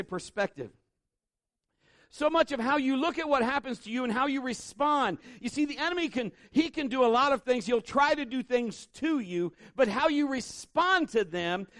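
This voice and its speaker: A man's voice: extremely high pitch, dry recording, clean studio sound. A man preaching a sermon at a church service in a casual, storytelling way that leans toward conversation. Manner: conversational, animated storytelling with acted-out quotes. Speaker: pastor.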